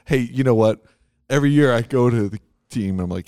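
A man's voice: mid-range voice, very animated, moderate pace, darkish tone, dry recording. A man hosting a church podcast in a studio booth, upbeat and laughing often in casual chat. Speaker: podcast host.

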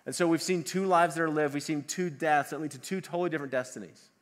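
A man preaching a sermon, animated and acting out the voices of the people he quotes. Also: fairly high pitch, fast talker. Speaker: pastor.

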